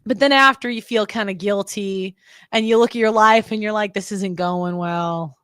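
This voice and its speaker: A woman's voice: fairly high pitch, brisk, fairly bright tone, smooth, no room sound, studio quality. A young woman hosting a podcast, talking in a blunt, rambling, casual way with lots of fillers and restarts. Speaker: podcast host. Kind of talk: casual opinionated monologue.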